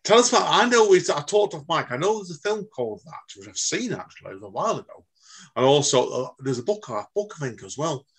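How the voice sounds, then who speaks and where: Fast-talking podcast host. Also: male voice, a little high, big pitch swings, husky. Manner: chatty, calls guest mate. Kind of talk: casual podcast interview.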